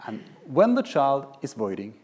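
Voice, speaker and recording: A man who is a pediatric radiologist, giving a lecture with anecdotes in a halting way with many restarts. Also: mid-range voice, wildly swooping pitch, a little mellow. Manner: halting, many fillers and restarts, chuckling asides.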